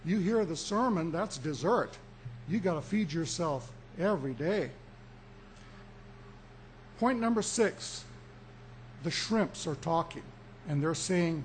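A man preaching with a fairly high, light voice, drawing out his points slowly and pushing hard on key words. A faint hiss sits under the recording. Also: lively intonation. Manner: emphatic preaching, slow deliberate pauses, rising for emphasis. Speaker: pastor. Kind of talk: sermon.

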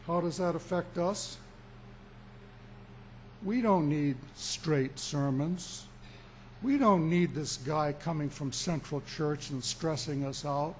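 Slow, high-voiced preaching man. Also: a little mellow, slight background noise. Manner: emphatic preaching, slow deliberate pauses, rising for emphasis. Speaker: pastor. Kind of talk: sermon.

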